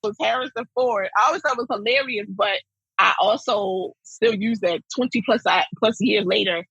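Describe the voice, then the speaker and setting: Very husky woman, emphatic interview guest. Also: mid-range voice, moderate pace, dry recording, lo-fi sound. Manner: emphatic and animated, with repeated phrases. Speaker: school principal, guest. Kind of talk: interview conversation.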